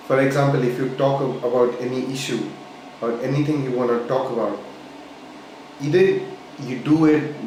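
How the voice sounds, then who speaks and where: A man's voice: medium pitch, a little hiss or hum. A man gives an interview answer, tripping over and restarting his words as he goes. His voice rings out in a very reverberant room with faint ambience behind. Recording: very echoey room.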